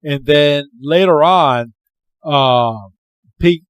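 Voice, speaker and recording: A man's voice: a little high, very slow, smooth, no room sound. A man hosting a podcast, casually recapping a cartoon episode in a loose, slangy storytelling way, acting out the characters' quotes. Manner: animated storyteller, acts out quotes, frequent "he's like"; loose and slangy, many "um" fillers. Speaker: podcast host.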